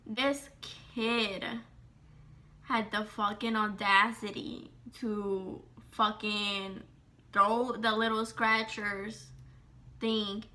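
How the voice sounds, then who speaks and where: A young woman telling a personal story in a casual vlog, animated and slangy, full of "like" and swearing. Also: medium pitch, drawn-out words.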